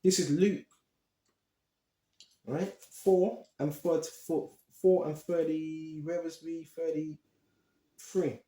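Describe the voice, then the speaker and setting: A man teaching from scripture in an animated, emphatic way, pressing his points straight to his listeners. His voice sits fairly high for a man. It rings out in an echoey room. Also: takes it slowly, pauses often. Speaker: preacher. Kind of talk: Bible teaching.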